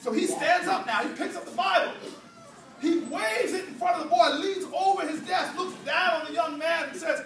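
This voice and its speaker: High-voiced man giving a rousing church speech. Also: normal speed, fairly bright tone, slight background noise. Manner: preacherly, playful, call and response with crowd. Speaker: political speaker. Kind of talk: rousing speech with humorous storytelling. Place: church hall, indoors. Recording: echoey hall, distant mic, crowd.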